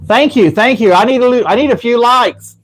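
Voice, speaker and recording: High-voiced chatty man. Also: fairly quick. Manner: rambling, chatty, reading out viewer comments and laughing. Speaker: livestream host. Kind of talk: casual live-stream chat.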